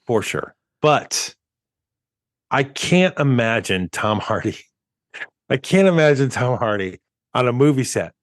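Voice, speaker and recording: Podcast co-host, man, mid-pitch, rambly casual talk, dry close mic. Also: big pitch swings, slow pace, pauses often, no room sound. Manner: rambling, restarts often, chuckles while talking. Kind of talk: casual movie chat.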